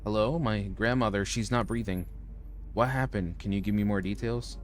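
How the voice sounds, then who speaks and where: A man's voice: fairly low pitch, moderate pace, faint music behind. A man streaming a horror game, reading its lines aloud with joking asides. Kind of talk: casual let's-play commentary.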